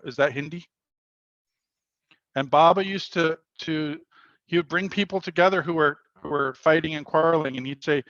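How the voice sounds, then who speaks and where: A man's voice: fairly high pitch, fairly bright tone, no room sound, muffled recording. A man leading a spiritual workshop over a video call, telling a story earnestly and quoting the people in it. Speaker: workshop leader.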